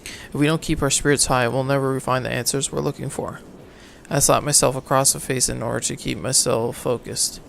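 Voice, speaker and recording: A man reading a game's story aloud for a let's play, halting and correcting himself, then signing off casually. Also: medium pitch, steady tone, vocal fry, slight background noise. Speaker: let's player, reading game text. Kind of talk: reading game narration aloud, casual outro.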